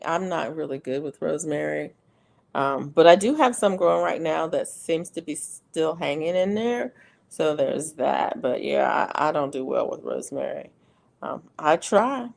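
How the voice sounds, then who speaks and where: A woman's voice: deep voice, expressive, moderate pace, gravelly. A middle-aged woman hosting a casual livestream, chatting and laughing often as she reads viewer comments aloud. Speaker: livestream host. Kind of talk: casual live-stream chat.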